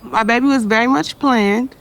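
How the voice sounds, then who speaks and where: A young woman, chatting casually as an interview guest, relaxed and slangy, laughing often. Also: a little high, normal speed, slight background noise. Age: young adult.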